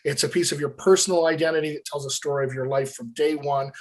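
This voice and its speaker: An energetic man explaining work to actors in an interview. His voice sits a little high, and he talks straight to the viewer in a friendly, coaching way. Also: fast talker. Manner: animated, addresses viewers as "my friends". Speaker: dialect coach. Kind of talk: enthusiastic interview talk.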